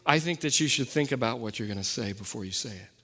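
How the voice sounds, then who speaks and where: A young man preaching a sermon as pastor, talking in a loose, conversational way with fillers and quick self-corrections. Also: medium pitch, animated, bright, forceful tone. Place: church sanctuary. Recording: long reverb from a hall.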